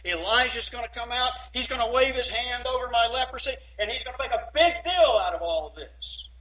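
A man's voice: extremely high pitch, expressive, brisk, sharp tone, reverberant, voice pushed up, full character voice, rough recording. A man voicing a proud, indignant army commander, boastful and raised in volume.

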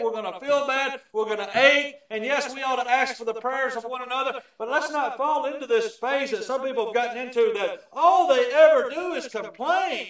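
A man preaching a sermon, emphatic and shifting from loud declarations to hushed asides. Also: very high-pitched. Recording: echoey, from far off the mic.

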